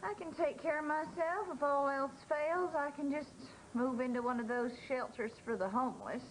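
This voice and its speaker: Brief: actress as older soap mother-in-law, martyred and wheedling, higher voice, swoopy melodramatic delivery, noisy broadcast audio. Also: moderate pace, close to an everyday voice. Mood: self-pitying. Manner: wheedling, melodramatic, tearful quaver. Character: self-pitying older mother-in-law, guilt-tripping and fussy. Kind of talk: daytime soap acting.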